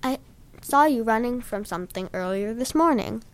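A woman's voice: a little high, lively intonation, moderate pace, natural voice. A woman voicing an anxious, curious young boy wizard with raised, alarmed calls. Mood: worried.

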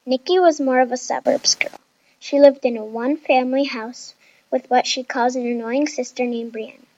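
A woman reading a storybook aloud, slowly and carefully, pausing through lists. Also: high-pitched, steady tone, darkish tone, dull audio.

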